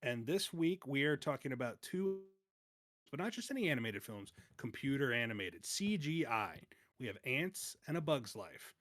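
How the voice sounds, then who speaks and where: Animated, jokey male podcast host. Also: mid-range voice, moderate pace. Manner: animated, jokey, laughs often. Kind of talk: casual podcast chat.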